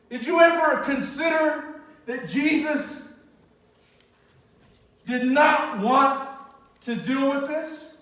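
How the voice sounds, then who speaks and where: A woman giving an emphatic sermon to a youth group, asking rhetorical questions and sometimes shouting. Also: high-pitched, slow, pauses often. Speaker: youth retreat speaker. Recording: very echoey hall, distant voice.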